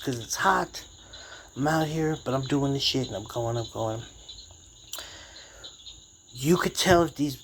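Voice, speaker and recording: A man's voice: a little high, slight background noise. A man telling a casual story, rambling and profane, full of streetwise slang.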